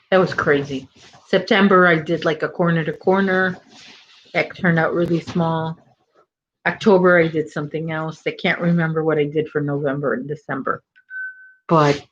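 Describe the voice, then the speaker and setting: A woman's voice: low voice, highs cut off, slight background noise. A middle-aged woman hosting a casual crochet live stream, chatting and rambling as she reads viewer comments. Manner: chatty, rambling, self-correcting. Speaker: crochet channel host.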